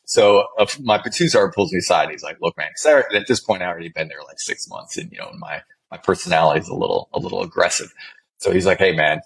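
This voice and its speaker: Deep-voiced, fast-talking middle-aged man. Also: creaky, husky, poor audio. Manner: profane, animated, acts out dialogue. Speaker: podcast guest. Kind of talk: casual storytelling in conversation.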